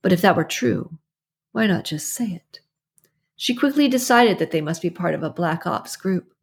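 A woman narrating an audiobook in a steady, even storytelling manner. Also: lowish voice, moderate pace, vocal fry, slightly rough. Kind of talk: scripted narration.

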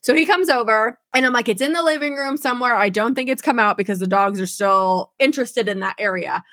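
A young woman with a slightly high voice tells a story in a loose, swearing, laugh-filled way. The sound is dry and close, with no room around it. She talks as a casual podcast co-host. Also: fairly quick, no echo. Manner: animated, profane storytelling with laughs.

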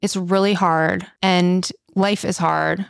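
A woman co-hosting a podcast, chatting casually and telling animated, laugh-filled stories. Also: lowish voice, slow pace, gravelly, no echo, clean studio sound. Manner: animated storyteller, laughs often. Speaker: podcast co-host. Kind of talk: casual chat.

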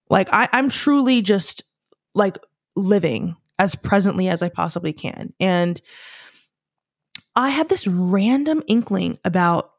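Brief: young woman vlogger, casual rambling storyteller, mid-pitched voice, close dry sound. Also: a little mellow, no echo. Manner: chatty, rambling, many "like" fillers. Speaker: vlogger, fashion student.

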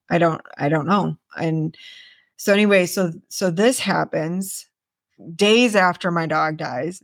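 A woman podcast host telling a personal story in a casual monologue, rambling and animated, with restarts and swearing. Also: deep voice, creaky, no room sound.

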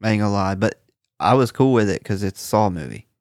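Male podcast co-host, low voice, profane and laughing, dry close mic. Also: animated, fast talker, dry recording. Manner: profane, laughing, recaps plot. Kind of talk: casual horror movie podcast chat.

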